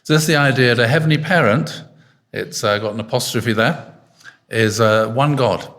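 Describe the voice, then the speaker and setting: In an arts centre hall, a man preaches an informal sermon, chatty and full of fillers, pausing often to quiz the congregation. His voice is medium-pitched and fairly bright, at a moderate pace.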